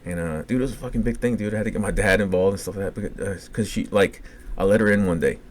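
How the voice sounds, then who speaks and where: A Louisiana man with a Cajun English accent co-hosts a casual podcast, racing through rambling, profane personal stories in a fairly low voice.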